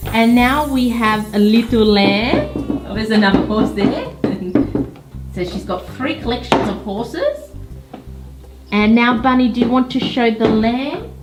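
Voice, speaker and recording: Woman, unhurried, coaxing, kid-friendly teaching, roomy echo, music playing. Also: fairly high pitch, expressive. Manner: gentle, coaxing, imitates animal sounds. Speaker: parent presenting toy animals to children. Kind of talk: slow explanatory narration for kids. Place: home room. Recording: echoey room with music behind.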